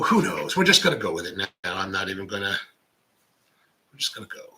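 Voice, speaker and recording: A man's voice: low voice, big pitch swings, a little fast, vocal fry, long pauses, sharp tone, slight background noise, rough recording. A middle-aged man hosting a coffee show, chatting casually and rambling as he reads out viewer comments. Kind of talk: casual live-stream chat.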